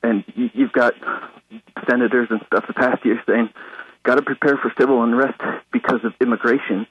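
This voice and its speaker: A man's voice: mid-range voice, steady tone, fairly quick, fairly bright tone, slightly rough, lo-fi sound. A man calling in to a radio talk show, nervous and rambling. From Alaska. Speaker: caller.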